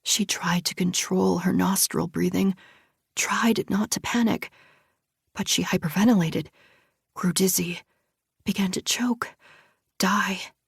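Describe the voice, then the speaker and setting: A woman narrating a suspense audiobook in a hushed, tense read. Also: on the low side, fairly even intonation, measured pace, creaky, pauses often, slightly rough, dry recording, studio quality. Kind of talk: scripted narration.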